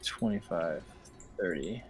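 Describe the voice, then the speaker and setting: A man playing a tabletop game, counting out his movement quietly under his breath. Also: low voice, slow, husky, soft background music. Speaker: player.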